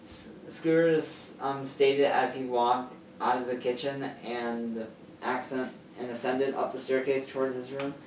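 A man's voice: medium pitch, fairly even intonation, a little slow, slight background noise. A man casually reading a fan story aloud in a rambling way, often stumbling and correcting himself, sitting far from his camera's mic. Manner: rambling, filler-heavy, self-correcting. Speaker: channel host reading a story. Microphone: camera mic far from speaker. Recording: echoey room, far from mic.

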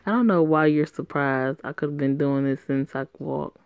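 A woman voicing a calm teenage boyfriend who speaks in a laid-back, reassuring way. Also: low-pitched, normal speed, smooth, no echo, narrow, tinny audio.

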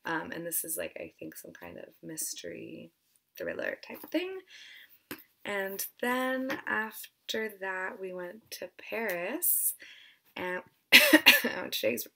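A woman's voice: mid-range voice, big pitch swings, slow pace, creaky, sharp tone, slight background noise. A woman chatting casually as a book vlogger, a little out of breath, hesitant and stumbling over names, sometimes dropping to whispered asides. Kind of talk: casual chat.

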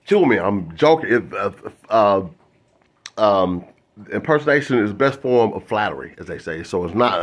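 Husky man rambling through comedy bits. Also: lowish voice. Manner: loose, self-interrupting, many fillers and restarts. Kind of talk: rambling stand-up monologue to camera.

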